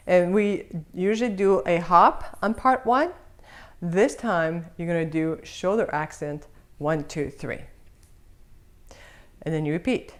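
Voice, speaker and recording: A woman's voice: lowish voice, a little slow. A woman teaching an online belly dance lesson. She talks cheerfully, laughs often and counts out the moves while humming the music as "da da da".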